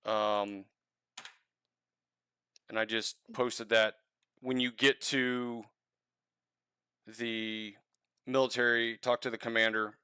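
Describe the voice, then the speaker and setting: A man running a tabletop role-playing livestream as dungeon master, narrating in a relaxed, halting way with many fillers. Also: medium pitch, clean tone, no room sound, clean studio sound.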